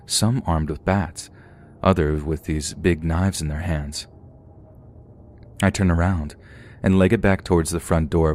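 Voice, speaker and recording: A man reading a first-person horror story as scripted narration, telling it steadily and slowing down at the tense moments. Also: low voice, a little mellow, slight background noise.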